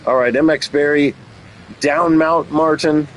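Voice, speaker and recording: A man commentating a race, taking his time over every call and slipping in teasing jokes. His voice sits a touch higher than most men's. A faint hum of noise runs underneath. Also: fairly even intonation, unhurried, low-quality recording. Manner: jokey, teasing asides between race calls. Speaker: race commentator and channel host. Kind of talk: playful play-by-play commentary.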